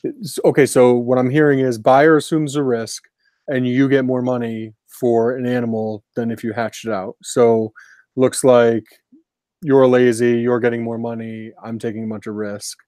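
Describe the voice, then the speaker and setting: A man's voice: mid-range voice, little pitch movement, moderate pace, dark tone, no room sound, clean studio sound. A man co-hosting a podcast in casual chat, joking and teasing his partner. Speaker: podcast co-host.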